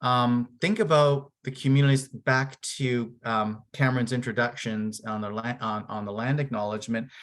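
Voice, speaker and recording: A man's voice: medium pitch, fairly even intonation, moderate pace, hardly any pauses, fairly bright tone. A man from Canada speaking on a panel discussion in a casual, candid way, with many fillers and restarts.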